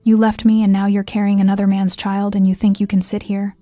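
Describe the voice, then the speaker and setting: A woman reading the lines of a controlling, bitter ex-husband who speaks low and threatening. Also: flat delivery, fairly quick, dark tone, no room sound, faint music behind, natural voice. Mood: menacing. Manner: low, tight, threatening delivery. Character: controlling bitter ex-husband, quietly menacing man.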